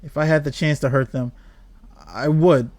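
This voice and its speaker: A man reading game dialogue aloud as a despairing young woman trapped in an endless world, in a flat, quiet, brooding way. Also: on the high side, moderate pace, no room sound, close to an everyday voice. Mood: menacing.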